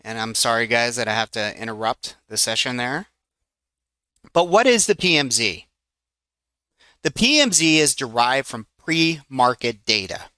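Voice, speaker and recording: A man in his forties teaching in a live trading room, chatty and excitable, breaking off now and then to manage his trades. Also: mid-range voice, unhurried, clear, resonant tone, no echo, clean studio sound. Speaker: trading educator.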